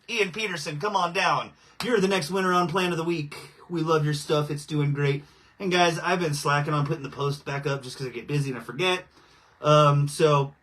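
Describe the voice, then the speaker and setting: A man's voice: a little high, bright, forceful tone. A man hosting a casual livestream, rambling with fillers and out of breath after coughing. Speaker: host of a cannabis grower livestream.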